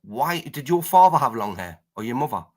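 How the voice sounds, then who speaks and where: A man's voice: medium pitch, big pitch swings, brisk, darkish tone. Needling northeast English man. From northeast Britain, near the Scottish border. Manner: needling, repeats his demands over and over. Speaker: debate panelist. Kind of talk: live-stream debate banter.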